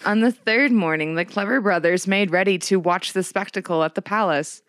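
A woman's voice: mid-range voice, normal speed, a bit bright, no room sound, studio quality. A woman co-hosting a comedy podcast, retelling a fairy tale with wry, profane asides. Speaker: podcast co-host and storyteller.

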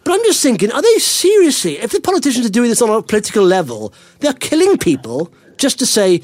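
A middle-aged man hosting a podcast, chatting casually in an excitable, rambling way. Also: extremely high pitch, no echo. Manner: excitable, rambling, quick-fire. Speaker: podcast host. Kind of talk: casual investing podcast chat.

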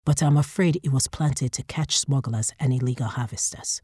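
A woman's voice: rumbling low, moderate pace, darkish tone, breathy edge, no room sound, studio quality. A woman voicing a boastful male flesh worker who talks in a wheedling way. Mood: matter-of-fact.

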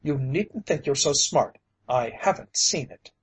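A man's voice: on the high side, lively intonation, measured pace, slightly rough, exaggerated voice. A man playing a furious old bearded easterner. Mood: accusing. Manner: indignant, shouting.

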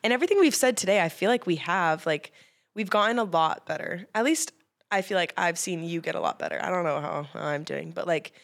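A woman's voice: on the low side, brisk, vocal fry. Earnest young woman podcast co-host. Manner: earnest, emotional, lots of "like". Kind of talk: casual chat.

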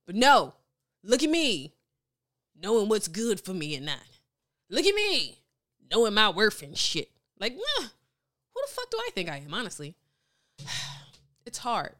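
Woman, podcast guest, casual frank chat, slangy, laughing, bright tone, lively swooping pitch, studio. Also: clear, resonant tone. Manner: candid, slangy and laughing, with playful exaggeration. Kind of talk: casual chat reading live comments.

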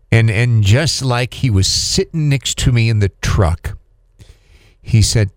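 Middle-aged man, low voice, halting emotional speech, dry close mic, casual podcast chat. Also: a little mellow, dry recording. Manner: halting, emotional, many restarts. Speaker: podcast co-host.

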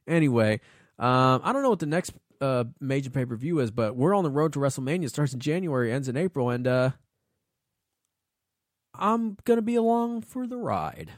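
A young man hosting a podcast, rambling in a casual solo monologue full of swearing and excited outbursts. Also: mid-range voice, normal speed, no echo, studio quality. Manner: profane, excitable rambling with laughs. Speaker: podcast host.

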